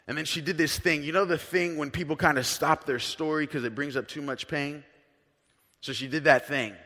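A male pastor with a medium-pitched voice preaches a sermon as a story, conversational and earnest, in a big room. He swings between soft, hushed lines and loud, emphatic ones.

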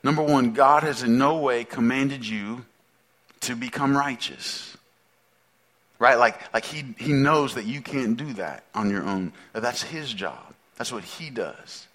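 A man's voice: medium pitch, unhurried, fairly bright tone. A male pastor preaching a sermon in a conversational way, asking the listeners many questions and repeating phrases for emphasis.

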